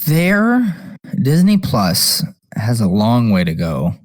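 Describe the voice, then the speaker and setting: Man co-host musing aloud, unhurried. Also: medium pitch, wildly swooping pitch. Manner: musing, thinks aloud with many likes. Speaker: podcast co-host. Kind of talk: casual chat.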